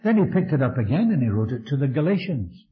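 A man's voice: mid-range voice, big pitch swings, fast talker. A man preaching a fervent, emphatic sermon in a church. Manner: fervent, emphatic preaching with rising and falling delivery. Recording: dull lo-fi recording.

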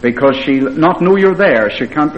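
A brisk ward nurse, a woman, talks in a matter-of-fact, reluctant way, retold by a male preacher in close to his own voice. The sound is dull and lo-fi, like an old tape. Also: fairly high pitch, animated, close to an everyday voice. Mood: firm.

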